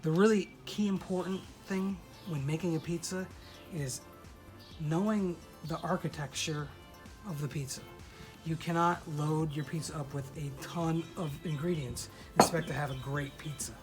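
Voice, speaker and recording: A presenter giving a relaxed outdoor cooking demonstration at a pizza oven, often pausing with "uh" and restarting phrases. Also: mid-range voice, rough recording. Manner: relaxed, many "uh" fillers and restarts. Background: loud background music.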